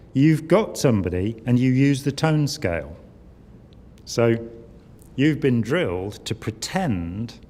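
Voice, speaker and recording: A man's voice: lowish voice, darkish tone. An older man giving a conversational talk at a conference, wry and full of asides. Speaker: conference speaker. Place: conference hall. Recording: long hall reverb.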